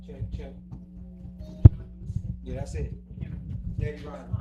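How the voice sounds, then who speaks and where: A man with a notably high voice leads a church Q&A, talking loose and slangy. He laughs a lot and slips into playful voices for people he quotes. He speaks into a microphone in a meeting room. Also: slow, over loud music. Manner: animated, slangy, laughs often, acts out quotes. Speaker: church Q&A leader. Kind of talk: casual, joking Q&A talk.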